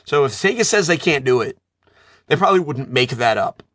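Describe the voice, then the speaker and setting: A man in his thirties chatting casually about video games, telling animated stories as a self-described nerd. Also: medium pitch, a little fast, dry recording, studio quality. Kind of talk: casual chat.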